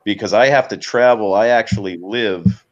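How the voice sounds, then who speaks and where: A man with a fairly low voice, talking in a relaxed, rambling way during a live chat. His sound comes through muffled and lo-fi, like a dull call line. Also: normal speed.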